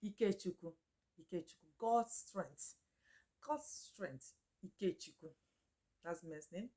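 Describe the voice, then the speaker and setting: A woman teaching names in a casual chat, repeating each one slowly and laughing often. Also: lowish voice, mellow. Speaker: Igbo language teacher. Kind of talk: casual spoken lesson.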